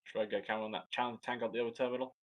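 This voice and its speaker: A man's voice: medium pitch, little pitch movement, rapid-fire, rough recording. A man with a Scottish accent giving live air show commentary, chatty and joking, rambling with frequent restarts.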